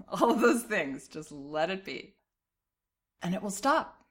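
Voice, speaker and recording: A middle-aged woman hosting a parenting advice show, talking a listener through her letter in a calm, reassuring, encouraging way with light laughs. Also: medium pitch, unhurried, husky.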